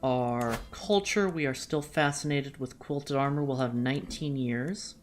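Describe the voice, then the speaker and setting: A woman streamer giving live commentary as she plays, chatty and thinking out loud, with jokey self-deprecating asides. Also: rumbling low, measured pace, soft background music. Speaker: VTuber streamer.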